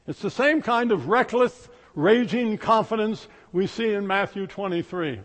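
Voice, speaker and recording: High-voiced man preaching a sermon. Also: a little slow, hardly any pauses, long reverb tail. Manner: storytelling, shifts from hushed asides to loud emphasis. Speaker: pastor.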